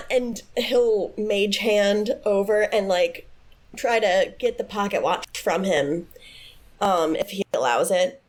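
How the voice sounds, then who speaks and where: A woman's voice: medium pitch, slow, soft background music. A woman playing a tabletop role-playing game, describing her character's actions with many likes and ums. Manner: hesitant, full of likes and ums, laughing. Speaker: player.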